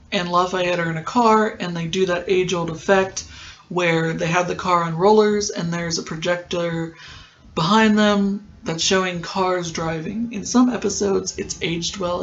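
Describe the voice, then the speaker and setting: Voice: medium pitch, highs cut off, slight background noise. A podcast host giving a casual, rambling recap of a TV episode, with many filler ums.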